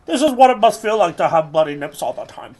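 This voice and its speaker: Deadpan rambling young man gaming. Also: high voice, quick pace. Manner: rambling deadpan non-sequitur jokes. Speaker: gaming streamer. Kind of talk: absurd comedic gameplay commentary.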